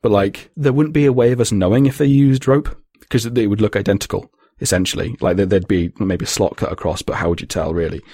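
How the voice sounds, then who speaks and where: Husky man rambling casually. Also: lowish voice, fast, few pauses, warm tone, dry recording, studio quality. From Britain. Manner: rambling, sweary, laughs often. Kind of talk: casual chat.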